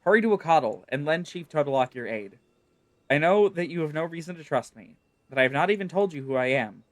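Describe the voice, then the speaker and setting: A man's voice: a little high, animated, brisk, no echo, lightly acted. A man voicing a frail, pleading young woman. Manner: faint, earnest pleading.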